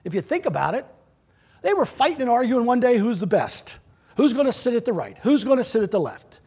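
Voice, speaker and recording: In a church, a middle-aged male pastor delivers an earnest sermon in a high, husky voice, talking a little fast with a sing-song lilt. His lines swing between loud, raised declarations and hushed near-whispers.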